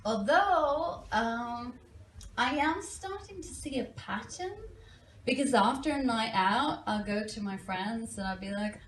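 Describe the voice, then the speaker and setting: A woman from Latvia doing stand-up on a bar stage, talking slowly and deliberately in a fairly high voice. She is animated and self-mocking, into a handheld mic. The room rings, and a faint murmur sits behind her. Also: slight background noise. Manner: animated, self-mocking, swings to loud outbursts. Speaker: stand-up comedian. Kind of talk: stand-up comedy set. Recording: roomy live venue, faint crowd.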